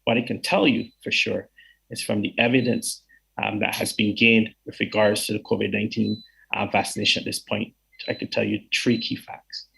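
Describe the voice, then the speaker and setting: A Barbadian man speaks earnestly over a call, stopping and restarting his sentences often. His voice is heavily gravelly and husky. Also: on the low side, flat delivery, sharp tone, low-quality recording. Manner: earnest, halting, many fillers and restarts. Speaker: chief medical officer. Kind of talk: town hall answer. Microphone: video call.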